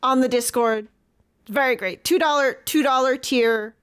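Brief: woman as eccentric rural sheep farmer, high voice, rambling, fake pirate-like English accent, improv comedy. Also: normal speed, a bit bright, clear, resonant tone. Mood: folksy. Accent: put-on pirate-like English accent. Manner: rambling, folksy, trailing off mid-sentence.

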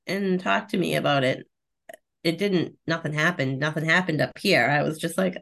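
A gravelly, lowish female voice moves a little fast during a casual podcast chat. As co-host, she laughs frequently and tells stories with plenty of animation.

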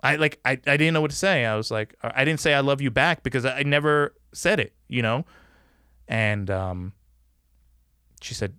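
A guest on a casual podcast tells a long personal story, his talk loose and full of "like" and "you know." His mid-range voice is smooth, resonant and sharp in tone, at a moderate pace. The recording is close and dry, with no room sound or echo.

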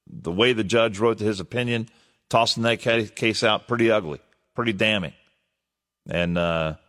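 A man's voice: fairly low pitch, a bit bright, long reverb tail. A man hosting a morning call-in radio talk show, casual and folksy as he chats with callers.

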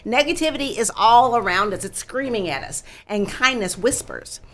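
Lively bright-voiced woman guest. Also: on the high side, moderate pace, a little hiss or hum. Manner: animated, expressive storytelling, laughs easily. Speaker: guest, founder of a kindness campaign. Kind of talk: talk show interview.

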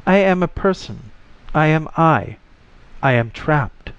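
A man voicing a strange disembodied voice inside someone's head, pitched high and rising to shouts. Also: expressive, slow pace, smooth, no room sound. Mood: yearning. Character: disembodied voice in a man's head, urgent. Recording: dull lo-fi recording.

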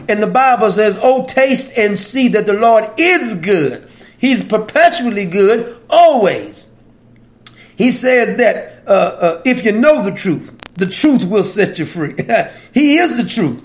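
A man giving an informal Bible teaching, animated and folksy, laughing often between verses. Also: extremely high pitch, a little slow.

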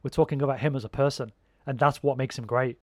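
A man's voice: mid-range voice, fairly even intonation, fast, no room sound, clean studio sound. A man in casual chat, rambling and swearing freely as he talks.

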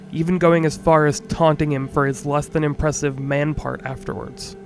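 A man hosting a podcast, reading a scripted true-crime story in a measured, earnest way with the odd wry aside. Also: a little high. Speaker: podcast host.

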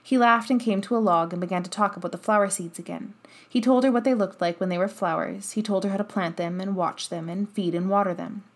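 Woman narrator, audiobook, calm, mid-pitched, steady. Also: quick pace. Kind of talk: scripted narration.

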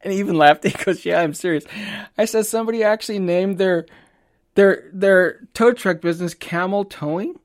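A man's voice: high-pitched, normal speed. A man, a photographer, telling a casual anecdote, acting out the dialogue and laughing often as he goes.

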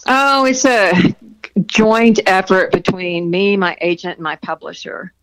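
Woman author guest, mid pitch, chatty and friendly, laughs easily. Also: measured pace, fairly bright tone, rough recording. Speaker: romance novelist guest. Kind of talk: casual interview answers.

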